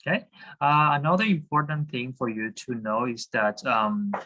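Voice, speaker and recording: A man's voice: medium pitch, lively intonation, moderate pace, pushed and bright, muffled recording, slight background noise. A man teaching a class over a video call, hesitant, with many fillers and restarts. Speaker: Spanish teacher.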